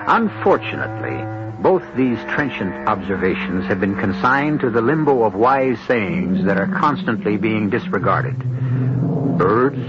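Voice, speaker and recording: A man narrating as host of a radio mystery drama, measured and wry. His voice sits low with lively, varied inflection. The lo-fi broadcast sound is dull, with music under it. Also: noisy background. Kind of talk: scripted narration.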